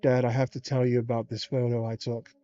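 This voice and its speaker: A man's voice: medium pitch, little pitch movement, brisk, dark tone, no echo, natural voice. A man reading as Greg, a nervous boy. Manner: blurting, trembling with nervousness. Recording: dull lo-fi stream audio.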